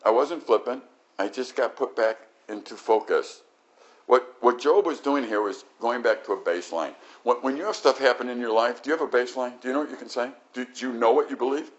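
An older man preaching a sermon, animated, swinging from loud exclamations to quiet, reflective stretches. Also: medium pitch, fairly quick. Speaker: pastor. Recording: dull lo-fi recording.

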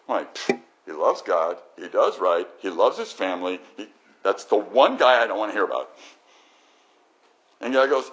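A man's voice: fairly low pitch, sing-song, moderate pace, a bit bright, dull audio. A man preaching a sermon, acting out quoted voices in his talk. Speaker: pastor.

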